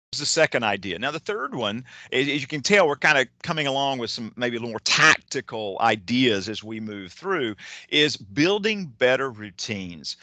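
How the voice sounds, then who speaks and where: A man's voice: mid-range voice, pushed and bright, no echo. A man giving a motivational keynote talk, enthusiastic and digressive, often restarting his sentences. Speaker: keynote speaker. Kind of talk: motivational talk on time management.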